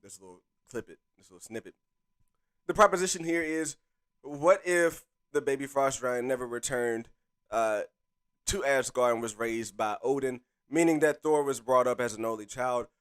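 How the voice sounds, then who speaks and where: A man's voice: medium pitch, moderate pace, smooth. A man hosting a live stream in casual chat, hyped and talking straight to his viewers through a desk microphone. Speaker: streamer host.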